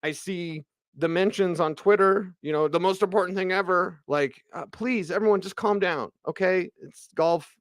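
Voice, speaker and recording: A man hosting sports radio, ranting in an animated, emphatic way about football. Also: sits high, normal speed, no room sound, clean studio sound.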